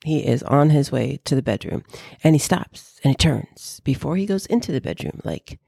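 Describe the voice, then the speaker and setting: Animated, gravelly-voiced woman vlogger. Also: low-pitched, moderate pace, dry recording, clean studio sound. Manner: animated, chatty. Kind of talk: casual chat.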